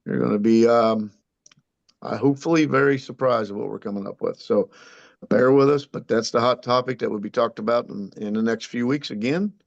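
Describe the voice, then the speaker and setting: A man's voice: mid-range voice, brisk, vocal fry, muffled recording. A man co-hosting a podcast, casually hyping an upcoming race with lots of hesitant fillers. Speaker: podcast co-host, race promoter. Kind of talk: casual chat.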